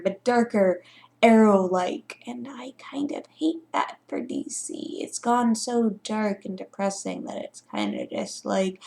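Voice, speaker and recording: A woman's voice: mid-range voice, vocal fry, darkish tone. A young woman vlogging her reaction, rambling and fretful, now and then dropping into whispered asides. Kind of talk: casual reaction vlog.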